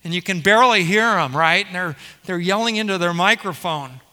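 High, bright-voiced preaching man. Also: fairly quick, in a large hall. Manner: expository preaching with rhetorical questions to the congregation. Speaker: pastor. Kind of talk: sermon.

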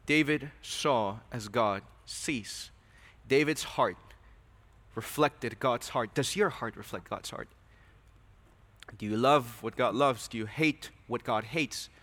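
A man's voice: mid-range voice, slow, fairly bright tone. A man preaching a sermon, earnest and questioning, often repeating his words. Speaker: pastor. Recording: reverberant hall.

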